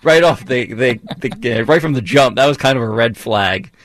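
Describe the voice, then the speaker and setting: A man's voice: mid-range voice, expressive, moderate pace, a bit bright. A man co-hosting a casual chat show, teasing with dry wit.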